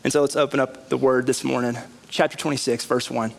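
A man's voice: mid-range voice, fairly quick, vocal fry. A man in his thirties, a pastor preaching a conversational sermon in a church. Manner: animated, conversational preaching with rising emphasis. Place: church sanctuary.

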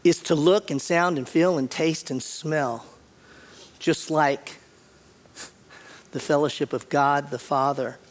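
A man preaching a sermon as pastor, earnest, often repeating words and clearing his throat. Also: on the high side, fairly even intonation, takes it slowly, pauses often.

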